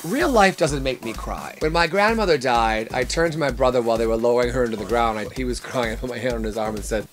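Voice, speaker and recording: A man's voice: mid-range voice, lively intonation, soft background music. A man hosting a comic show, talking in a campy, sarcastic way and stretching out words for effect. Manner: campy, sarcastic, theatrical drawn-out emphasis. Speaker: host. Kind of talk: comic monologue.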